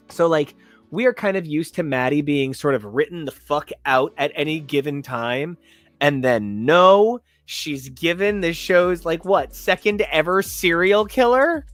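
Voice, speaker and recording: Male podcast co-host, a bit high, loose rambling delivery full of swearing and silly acted-out quotes. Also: fairly bright tone, no room sound. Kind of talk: casual chat.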